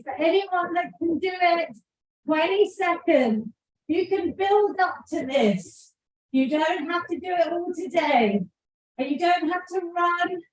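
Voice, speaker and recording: A woman's voice: very high voice, reverberant, distant mic, rough recording. A woman fitness instructor coaching a live workout, encouraging and cueing each move, out of breath at times. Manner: encouraging, counting out cues.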